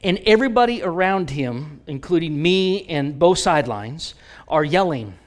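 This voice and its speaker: Animated, slightly high-voiced man in his forties. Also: moderate pace. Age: 40s. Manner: conversational, animated anecdotes with frequent restarts.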